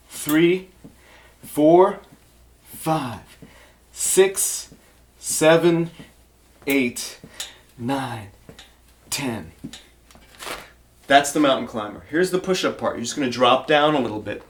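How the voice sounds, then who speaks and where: A male fitness trainer with a medium-pitched voice demonstrates exercises and encourages beginners. He counts reps aloud while growing out of breath.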